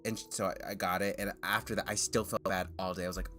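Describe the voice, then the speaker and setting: A man's voice: low-pitched, very fast, few pauses, pushed and bright, faint music behind. A man streaming and chatting casually with viewers, rambling with frequent laughs, false starts and restarts, a little nervous. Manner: self-consciously nervous.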